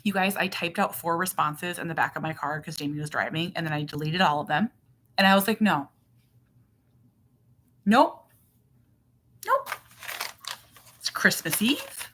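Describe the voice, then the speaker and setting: A woman's voice: low-pitched, fairly even intonation, fast talker, fairly bright tone. A woman in her thirties or forties, a mother and channel host, chatting casually and animatedly on a livestream, full of fillers.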